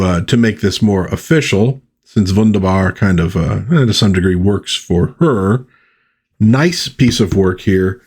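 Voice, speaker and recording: Husky-voiced man reviewing comics. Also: lowish voice, darkish tone. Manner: chatty, rambling, with asides and fillers. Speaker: comic book reviewer, host. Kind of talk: casual comic review vlog.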